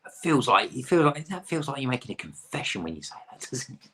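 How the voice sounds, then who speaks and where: A man's voice: mid-range voice, big pitch swings, fast, bright, forceful tone, breathy edge. A man in his thirties from the UK, hosting a pub quiz with chatty, rambling, self-deprecating asides.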